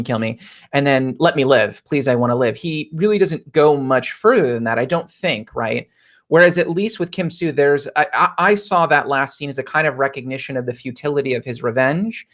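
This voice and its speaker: A man's voice: fairly high pitch, a bit bright. A man on a podcast panel who asks probing questions, restarting his sentences often. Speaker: podcast co-host. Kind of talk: casual roundtable discussion.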